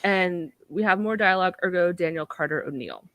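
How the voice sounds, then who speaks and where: A woman's voice: on the low side, a little fast, a bit bright, dry recording. A woman co-hosting a podcast, recapping a TV episode in a chatty, filler-heavy way. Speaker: podcast co-host. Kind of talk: casual recap chat.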